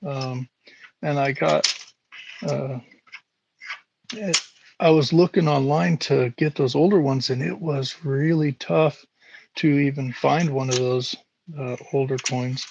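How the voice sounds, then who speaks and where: Slow, halting man in a workshop. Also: mid-range voice, fairly even intonation, creaky, dull audio. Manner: slow, halting, lots of fillers. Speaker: live stream host. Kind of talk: casual live stream chat while working. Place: home workshop. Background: buffing wheel hum.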